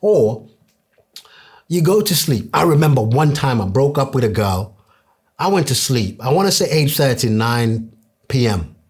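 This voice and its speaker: A man's voice: mid-range voice, very animated, unhurried, pauses often, a little mellow, husky. A young man hosting a podcast, talking in an earnest, conversational way and acting out what his friends said. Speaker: podcast host. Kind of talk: casual podcast monologue.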